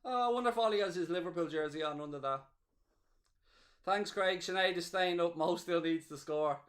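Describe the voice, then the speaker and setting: The host of this live football watchalong is a man with a fairly high voice and a moderate speed. He cheers excitedly, gloats, and reads aloud what viewers post in the chat.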